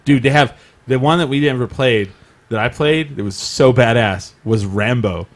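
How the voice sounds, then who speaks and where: A man's voice: mid-range voice, moderate pace. A man co-hosting a live comedy show stream, chatting casually and joking, often restarting his sentences. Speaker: podcast co-host. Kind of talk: casual chat.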